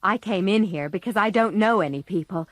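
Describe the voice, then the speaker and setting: A woman's voice: medium pitch, a little fast, dry recording, close to an everyday voice. A woman voicing a shy, polite teenage boy in a storybook reading.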